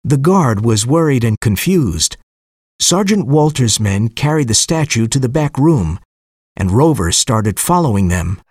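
Male audiobook narrator, husky tone, lively pitch, steady storytelling, dry close sound. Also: no room sound.

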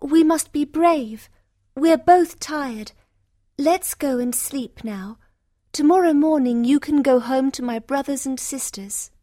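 A woman doing a brave high-voiced young heroine. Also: slow, warm tone. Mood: earnest. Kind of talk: storybook character voice.

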